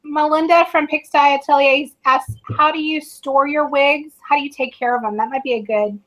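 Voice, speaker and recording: A woman's voice: high voice, fairly even intonation, normal speed, poor audio. A woman hosting a livestream chat, asking her guest questions and reading out questions from viewers. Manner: asks questions, reads viewer questions. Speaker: livestream host. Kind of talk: casual chat.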